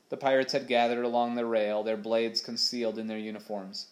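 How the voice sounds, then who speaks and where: A man reading a children's adventure novel aloud with steady, expressive storytelling. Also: mid-range voice, a little fast, few pauses. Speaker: audiobook narrator. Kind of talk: storybook narration.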